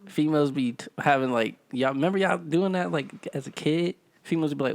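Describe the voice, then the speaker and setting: A man's voice: fairly high pitch, a little fast, vocal fry. A young man from New York co-hosting a podcast, chatting loosely in slang and laughing a lot. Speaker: podcast co-host. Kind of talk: casual chat.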